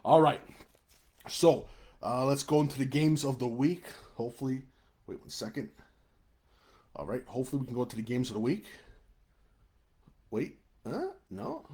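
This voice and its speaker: A man's voice: mid-range voice, animated, normal speed, pauses often, warm tone, husky. A man with a Chicago-area American accent hosting a live football webcast, blunt and fired-up, swearing and then apologizing. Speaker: high school football show host. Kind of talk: live webcast rant and game preview.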